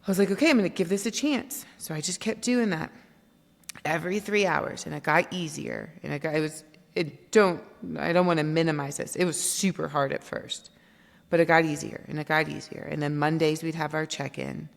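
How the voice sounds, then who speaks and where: A woman guest on a podcast, telling her story in an animated way and acting out quoted dialogue. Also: low-pitched, brisk, creaky. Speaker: guest, company founder. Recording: long reverb.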